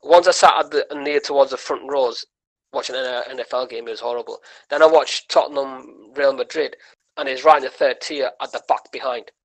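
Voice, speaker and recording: The comedian speaks a little fast in a medium-pitched voice, animatedly recounting a story on a podcast and impersonating the people in it. Recording quality is poor.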